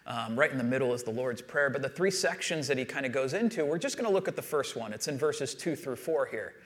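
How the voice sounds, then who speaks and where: A man in his thirties preaching a sermon, telling family stories in a relaxed, self-deprecating way. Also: medium pitch, quick pace. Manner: conversational storytelling with self-deprecating humor. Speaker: pastor.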